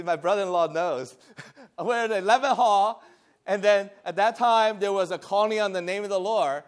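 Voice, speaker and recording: A high-voiced man from Taiwan teaches a lively church lesson, trading remarks with the class and laughing often.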